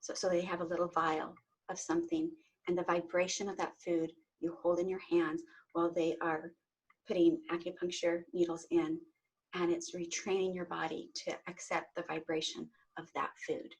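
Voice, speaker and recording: A woman's voice: on the low side, level tone, moderate pace, breathy edge, low-quality recording. A middle-aged woman, a guest on an interview show, earnestly telling her own story and often repeating words as she starts a sentence. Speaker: interview guest, Reiki teacher. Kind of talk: personal story in conversation.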